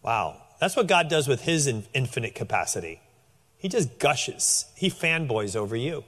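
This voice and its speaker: A man preaching a sermon in a conversational, animated way, often restarting his phrases. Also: mid-range voice, normal speed, long reverb tail. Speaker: pastor.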